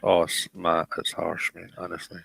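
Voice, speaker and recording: A middle-aged man in casual chat, rambling and halting with many restarts. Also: low voice, monotone, gravelly, fairly bright tone, slightly rough, no room sound, low-quality recording.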